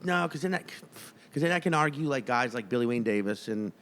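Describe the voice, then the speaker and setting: A man's voice: mid-range voice, animated, brisk, a bit bright, big-room sound. A man co-hosting a podcast, talking in a rambling, profane way with lots of restarts. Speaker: podcast co-host. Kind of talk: casual podcast chat.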